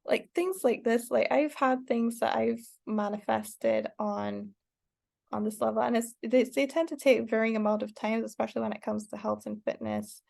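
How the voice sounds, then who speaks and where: A woman talking through an online lesson in a loose, rambling way, full of fillers and restarts. Her voice sits a little high and carries a gravelly fry. Now and then she breaks into excited cheering. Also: normal speed. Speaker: online course teacher. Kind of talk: casual spoken lesson.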